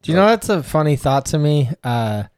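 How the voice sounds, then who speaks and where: A man's voice: a little high, big pitch swings, fairly quick, darkish tone, faint music behind. Rambling, giggly male podcast co-host. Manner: rambling, self-interrupting, laughs often. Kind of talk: casual chat.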